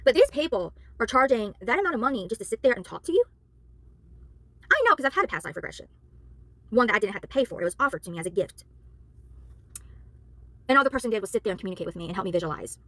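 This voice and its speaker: A tired, worn-out woman who works as a spiritual worker and tarot reader, ranting to camera in a heated, exasperated way and apologizing for yelling. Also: mid-range voice, big pitch swings, quick pace, long pauses, no echo.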